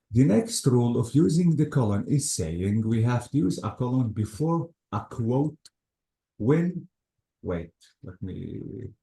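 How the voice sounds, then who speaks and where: A man's voice: mid-range voice, warm tone. A man teaching English grammar in a methodical classroom style, walking through examples step by step and leaning on words like "notice" and "absolutely". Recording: echoey room.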